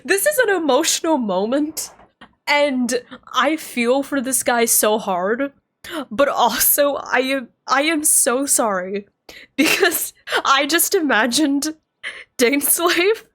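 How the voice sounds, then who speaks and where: A woman's voice: high-pitched, animated, slow, a bit bright. A woman streamer chatting casually while reacting to a game, talking in a chatty, giggly, apologetic way.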